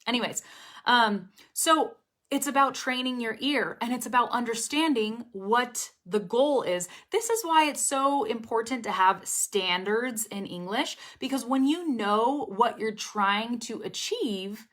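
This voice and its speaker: A woman's voice: on the high side, animated, measured pace, a bit bright. A young woman teaching English pronunciation in a casual lesson to camera, chatty and encouraging, often checking in with her viewers.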